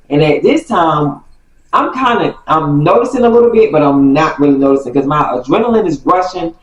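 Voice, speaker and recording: A woman tells a family story in a casual storytime style. She is animated, stops to correct herself, and laughs along the way. The recording has a roomy echo, with her voice sitting away from the mic. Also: sits low, normal speed, far from the mic, lo-fi sound. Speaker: storytime vlogger.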